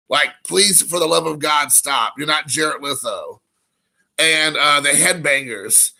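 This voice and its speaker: A man's voice: on the high side, vocal fry, sharp tone. A man hosting a casual live stream, rambling with lots of fillers and greeting viewers in chat. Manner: rambling, frequent fillers, reads chat aloud.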